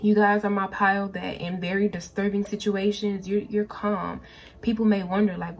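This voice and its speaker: A tarot reader does a pick-a-card reading, speaking casually and straight to her viewers and frequently repeating phrases. Her mid-range voice keeps a level tone at a normal pace, with a faint hiss or hum in the audio.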